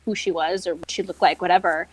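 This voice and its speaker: A woman's voice: fairly low pitch, steady tone, fast, husky, low-quality recording. A woman co-hosting a podcast, chatting casually and backing up the host with short agreeing remarks. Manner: supportive, lots of short agreeing replies. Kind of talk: casual chat.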